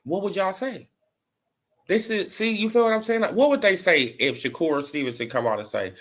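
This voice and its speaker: This boxing commentary vlogger has a slightly high voice and talks fairly quickly while ranting his opinions casually. Slang, "bro," and "you know" fill his speech, and the back half rises to animated mocking.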